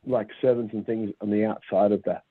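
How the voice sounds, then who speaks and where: Male player, low and husky, halting; tinny phone-line audio. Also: fairly even intonation. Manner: halting, thinking aloud. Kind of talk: tabletop role-play.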